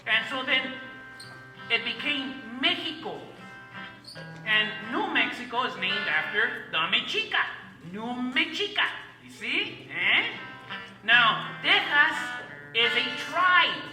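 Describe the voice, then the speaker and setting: Teacher, mid-pitched, emphatic lecture with call-and-response, roomy room, mic far off. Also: big pitch swings, slow, over music. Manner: emphatic, repeats key words, asks the class questions. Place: classroom.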